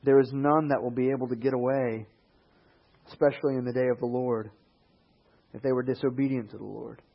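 A man preaching a sermon, animated, swinging into quoted voices and rising emphasis. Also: medium pitch, a little fast, vocal fry, muffled recording.

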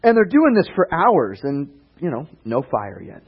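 Casual male preacher, chatty storyteller with dry asides, husky tone, lo-fi sound. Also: fairly high pitch, huge pitch swings, normal speed. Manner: conversational, sarcastic asides, jumps into voices for characters. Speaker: pastor. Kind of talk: casual sermon with acted-out retellings.

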